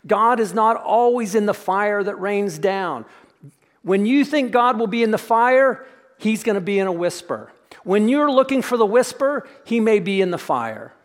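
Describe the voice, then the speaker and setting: A male pastor with a notably high voice delivers a reflective sermon, often letting his voice sink to a soft hush on key words. The sound hangs in a long church reverb. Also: expressive, normal speed. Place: church sanctuary.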